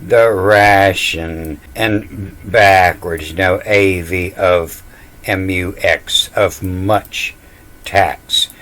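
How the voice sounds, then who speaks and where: A man with a deep, low voice gives a casual lecture, spelling out letters one at a time. He moves slowly and sounds sure of himself, brushing off other teachers. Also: steady tone, fairly bright tone. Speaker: self-taught scripture reader.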